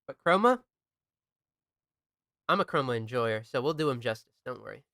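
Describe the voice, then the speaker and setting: Crisp bright-voiced young man streaming. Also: medium pitch, lively intonation, moderate pace, no echo, clean studio sound. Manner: laid-back, swears often, jokes with chat. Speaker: game streamer. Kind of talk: casual chat while gaming.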